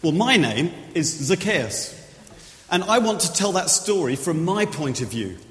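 A man's voice: a little high, very animated, unhurried, a bit bright. A man playing a small tax collector who introduces himself and asks listeners for help. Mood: inviting. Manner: friendly, inviting. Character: small male tax collector telling his side. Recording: echoey hall.

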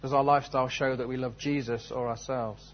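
A man's voice: medium pitch, fairly even intonation, brisk, highs cut off, slight background noise. A man preaching a sermon, telling a story and then asking earnest, searching questions. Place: church service.

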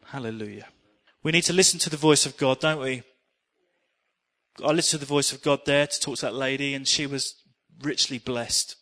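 A middle-aged man preaching a sermon, telling personal stories in an earnest, animated way. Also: medium pitch, moderate pace.

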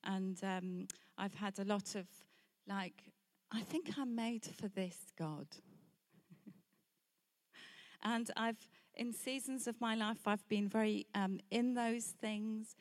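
A woman's voice: mid-range voice, level tone, slow pace, darkish tone. A middle-aged woman preacher sharing a candid personal testimony in a sermon, telling her story with light laughs between points.

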